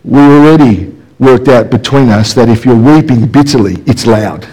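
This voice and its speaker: A man's voice: medium pitch, moderate pace, warm tone, slightly rough, poor audio. A man preaching a passionate, emphatic sermon in church, full of rhetorical questions. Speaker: pastor. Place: church service, also streamed.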